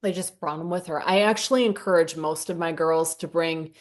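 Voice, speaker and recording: A woman with a somewhat low voice, a portrait photographer from southern Indiana, tells her stories casually. She jumps up in pitch whenever she acts out what she and others said. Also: a little fast. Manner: animated, acts out her own quotes in a higher voice. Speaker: senior portrait photographer, guest. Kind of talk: casual storytelling interview.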